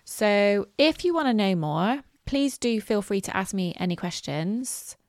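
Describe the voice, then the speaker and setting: A woman's voice: mid-range voice, animated, unhurried, dry recording, clean studio sound. A woman in her forties hosting a solo podcast, chatty and self-deprecating. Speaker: podcast host. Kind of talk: casual solo podcast talk.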